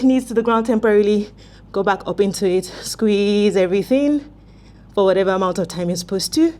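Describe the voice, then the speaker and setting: Her voice is medium-pitched and dark in tone, and she speaks a little fast. This woman leads home workouts in a friendly, instructive way, describing form while she demonstrates exercises and runs out of breath.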